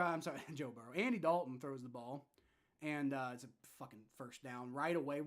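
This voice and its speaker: A young man hosting a live fan reaction stream with play-by-play, frustrated and swearing, dropping to low mutters and rising to shouts. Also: a little fast. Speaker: livestream reaction host.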